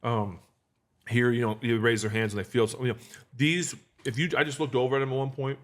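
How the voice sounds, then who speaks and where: A man's voice: mid-range voice, steady tone, quick pace, a bit bright. A man in his thirties hosting a casual podcast chat, talking earnestly with frequent restarts and fillers. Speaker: podcast host.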